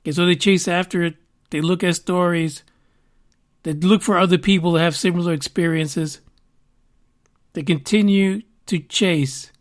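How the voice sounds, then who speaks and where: High-voiced rambling podcast man. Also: fairly even intonation, unhurried, long pauses. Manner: rambling and conversational, with fillers and swearing. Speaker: podcast host. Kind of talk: casual podcast monologue.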